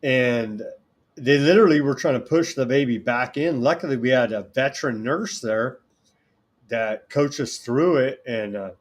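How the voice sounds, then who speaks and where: A man's voice: medium pitch, normal speed. A man from California hosting a political talk show, delivering sarcastic, indignant commentary. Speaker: host.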